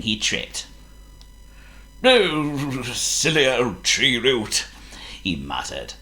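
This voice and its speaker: A woman reading a children's storybook aloud in a playful, expressive way. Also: very deep voice, gravelly.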